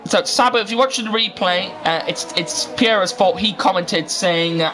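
A man's voice: high voice, moderate pace, hardly any pauses, bright, forceful tone, slight background noise. A man doing live sim racing commentary, chatty and rambling, often restarting his sentences. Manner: rambling, self-interrupting, chatty. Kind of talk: live esports race commentary.

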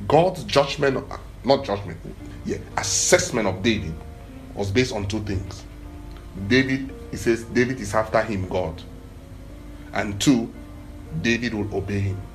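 A man preaching a sermon in an animated, emphatic way, with short phrases repeated for emphasis. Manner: animated, emphatic preaching that swells in pitch and volume.

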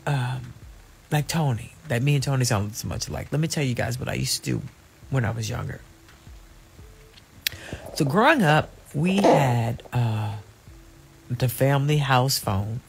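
A middle-aged woman with a gravelly, slightly rough edge to her voice chats casually with her viewers. She is playful and talkative, laughs easily and speaks to the audience as if they were friends. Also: rumbling low, a little hiss or hum. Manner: chatty and playful, addresses viewers directly, laughs often. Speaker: channel host.

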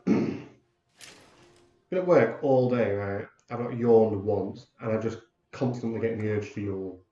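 Swearing gamer, mellow voice. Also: male voice, fairly low pitch, a little slow, long pauses, echoey room, highs cut off, slight background noise. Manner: swearing, joking banter at the game. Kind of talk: let's play commentary. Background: game music.

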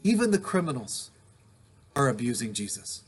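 A man's voice: mid-range voice, very animated, normal speed, breathy edge. A male pastor giving an earnest, emphatic sermon recorded at home, returning to repeated refrains. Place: home during a thunderstorm.

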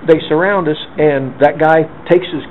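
A man in his fifties telling a lively story in an oral history interview, acting out the lines of the people in it. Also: on the high side, normal speed. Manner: lively anecdotal storyteller, acts out quoted lines. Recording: narrow phone-like band with faint hiss.

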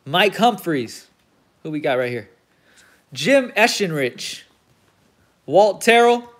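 A man with a high voice hosts a card break, reading off each player's name at an unhurried pace. He swears casually and perks up when a big card turns up. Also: big pitch swings. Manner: reels off player names, gets hyped at big pulls, swears casually. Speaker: host of a card break stream. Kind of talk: casual commentary while opening card packs.

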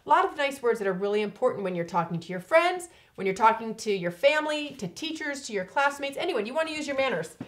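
High, sing-song woman teaching kids. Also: quick pace, hardly any pauses. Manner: animated, sing-song, talks to a puppet. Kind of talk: children's lesson with puppet and storybook.

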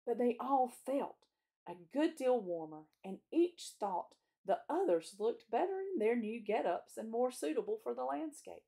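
A woman, a children's chapel teacher, reading a storybook aloud in a gentle, clear way. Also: fairly high pitch, sing-song, a little slow.

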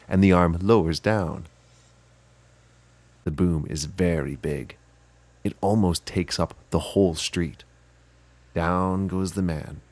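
A man's voice: low voice, darkish tone, dry recording. A man narrating a children's video, pointing things out to young viewers in a sing-song way.

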